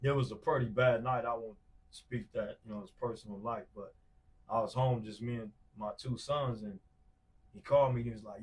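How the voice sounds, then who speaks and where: A man's voice: mid-range voice, fairly even intonation, normal speed. Slangy man on a distant mic. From Wisconsin. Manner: loose, slangy, many fillers and repeated "bro". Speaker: podcast guest. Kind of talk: casual storytelling chat.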